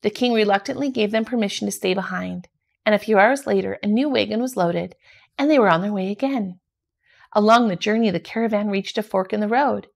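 A woman reading a children's picture book aloud in a steady, gentle storytelling manner. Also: mid-range voice, a little fast, vocal fry. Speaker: storybook reader.

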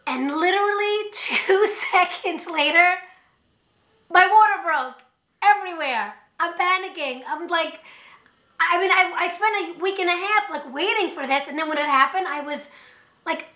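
A woman in her thirties telling her own story in an animated, rambling way, often restarting her sentences. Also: very high-pitched, normal speed. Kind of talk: personal storytelling to camera. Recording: echoey room.

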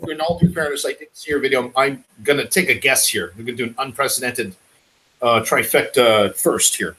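A man's voice: mid-range voice, fairly quick, sharp tone, a little hiss or hum, rough recording. A man hosting a casual podcast, joking and teasing his co-hosts. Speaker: podcast host. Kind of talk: casual chat.

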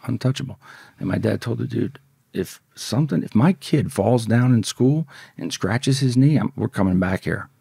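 Gravelly-voiced man telling a crime story. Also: lowish voice, expressive, moderate pace, warm tone, no room sound, clean studio sound. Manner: profane, vivid, acts out quoted voices. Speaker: guest telling his life story. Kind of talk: casual storytelling.

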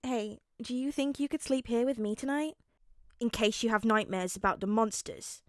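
A woman voicing a gentle, sweet-natured young man with a soft, raised voice in a fanfic audiobook reading. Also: on the high side, moderate pace, no echo, studio quality, close to an everyday voice.

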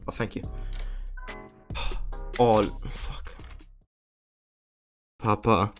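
A young male streamer gives casual gambling commentary in an ordinary mid-pitched voice, begging for wins and griping in frustration. Faint music plays behind him. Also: unhurried. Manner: pleading, exasperated, swearing.

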